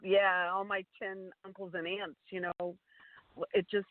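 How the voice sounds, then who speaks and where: A woman's voice: medium pitch, little pitch movement, a little slow, crowd noise. A woman from California chatting eagerly and casually as a guest panelist. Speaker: psychic and show host. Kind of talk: casual chat. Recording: dry phone-like call audio.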